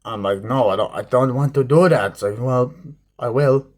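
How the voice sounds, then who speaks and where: A man giving a rambling, profane spoken movie review, acting out scenes in quick snippets. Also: mid-range voice.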